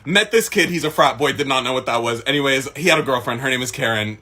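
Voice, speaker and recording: A young man from the Middle East telling a casual storytime, animated and swearing freely. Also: medium pitch, quick pace.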